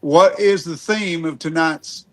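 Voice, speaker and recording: A man's voice: fairly high pitch, slow pace, a bit bright, a little hiss or hum. A middle-aged man hosting a casual podcast chat, speaking in a rambling, folksy way and often restarting his sentences. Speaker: podcast host.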